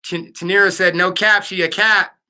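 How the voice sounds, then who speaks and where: A man's voice: sits high, fairly even intonation, normal speed, bright, forceful tone, clean tone. A man hosting a live stream, chatting casually and playfully with his viewers in slangy talk. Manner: playful, slangy, talks to the chat. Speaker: livestream host.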